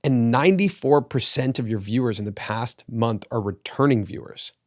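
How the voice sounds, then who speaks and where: Guy host asking questions, thinks out loud, dry close mic. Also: mid-range voice, moderate pace, dry recording. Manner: thoughtful, frames questions with stats, restarts. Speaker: podcast host, interviewer. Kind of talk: interview questions.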